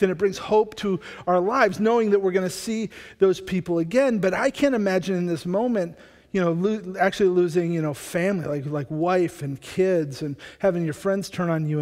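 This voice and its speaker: Energetic preacher in a reverberant hall. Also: male voice, high voice. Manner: energetic, conversational, frequent restarts. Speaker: pastor. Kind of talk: sermon. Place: church. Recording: long church hall reverb.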